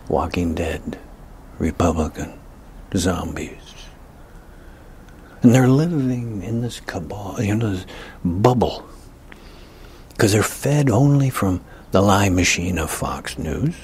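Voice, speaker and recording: Low-voiced man ranting with whispered asides. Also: expressive, takes it slowly, long pauses, a little mellow, slight background noise. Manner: emphatic, with frequent breathy whispered asides. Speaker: political commentator. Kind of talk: ranting political commentary.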